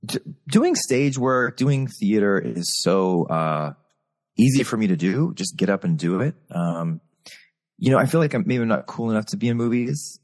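Man, very deep voice, from Texas, candid storyteller, video call, reverberant. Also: lively intonation, normal speed, darkish tone. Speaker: guest performer. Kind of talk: casual interview chat.

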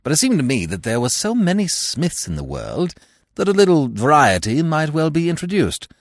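A man reading the part of an elaborately polite young gentleman with a monocle, speaking in florid, mock-solemn phrases. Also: fairly high pitch, big pitch swings, normal speed, no room sound, voice pushed up. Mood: urbane.

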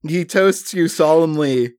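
A man's voice: fairly high pitch, a little slow, heavy background noise. A man narrating as game master of a comedic tabletop game, with frequent laughs and filler words. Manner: laughing often, filler-heavy storytelling.

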